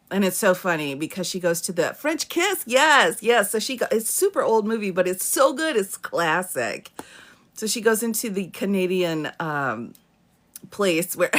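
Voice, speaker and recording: A fairly low-voiced woman chats through a live stream from home, her pitch swinging widely as she laughs often and greets viewers by name. She answers legal questions in a loose, casual way. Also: a bit bright. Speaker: attorney hosting a live Q&A. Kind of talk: casual live-stream chat reading comments. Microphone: phone or webcam for a live stream.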